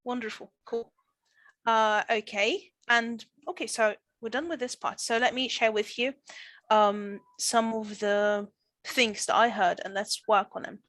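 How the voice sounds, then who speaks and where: Bright-voiced woman teaching online. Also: a little high, steady tone, measured pace, dry recording. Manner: encouraging, many fillers like "all right". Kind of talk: online class, leading a grammar demo. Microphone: video call.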